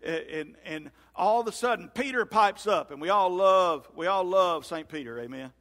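A male pastor preaching a sermon in a church sanctuary, acting out scripture dialogue with lively swings in voice. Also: high voice, moderate pace. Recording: long hall reverb.

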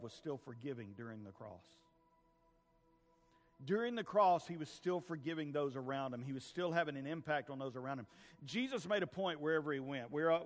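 A man preaching a sermon, swinging from hushed pleading to loud fervent peaks. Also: medium pitch. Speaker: pastor. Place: church sanctuary with a congregation.

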